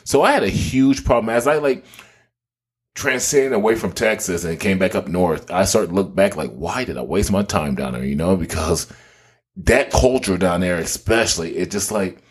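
A man in casual discussion, telling stories in an animated, emphatic way. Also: low voice, normal speed, husky.

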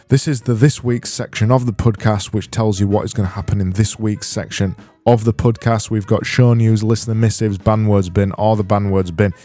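A man with a fairly low voice hosts a solo comedy podcast. He rambles in a deadpan, self-deprecating manner and often restarts his sentences.

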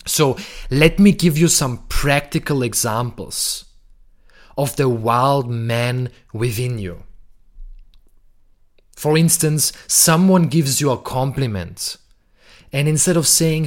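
A man speaking very slowly and deliberately, leaning hard on his words. His voice sits at a middle pitch, and his delivery is blunt and emphatic, with casual swearing. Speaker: podcast host. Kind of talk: monologue on masculinity and relationships.

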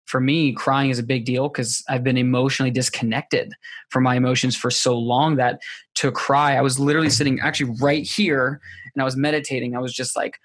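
A man's voice: medium pitch, flat delivery, fairly quick, no echo. A man talks openly in a podcast conversation. His voice stays level and unvaried, and he often restarts his sentences while he searches for the right words. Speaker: podcast guest. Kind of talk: candid personal conversation.

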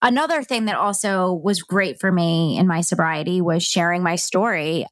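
A woman's voice: fairly low pitch, moderate pace, no room sound, studio quality. A middle-aged woman hosting a podcast, telling a personal story in a candid, heartfelt, conversational way. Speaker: podcast host.

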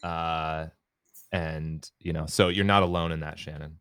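Man, very deep voice, crisp and clear, podcast co-host, relaxed joking chat. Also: a little slow, no echo, clean studio sound. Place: podcast studio.

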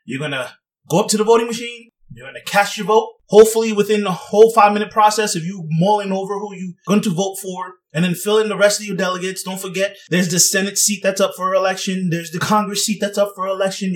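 A man's voice: sits high, a bit bright, distant mic. A young man giving sarcastic, rambling casual commentary and laughing at his own jokes. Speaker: vlogger.

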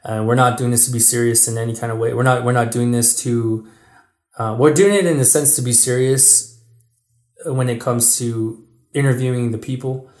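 A man hosting a relaxed podcast, talking earnestly with frequent restarts. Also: medium pitch, moderate pace. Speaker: podcast host. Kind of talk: casual podcast chat. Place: small room with a microphone. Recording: echoey room.

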